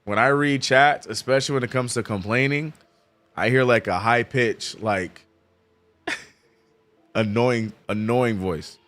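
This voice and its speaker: A man hosting a casual live watch-along stream, reading viewer chat aloud and reacting with sudden high exclamations. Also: unhurried, pauses often, fairly bright tone. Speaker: streamer host.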